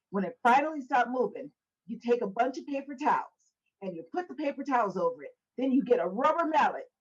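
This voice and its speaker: A woman hosting a Bible study podcast, telling stories in a casual, animated way, acting out quoted voices and laughing often, on an indoor set. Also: mid-range voice, dull audio. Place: indoor set with a fireplace backdrop.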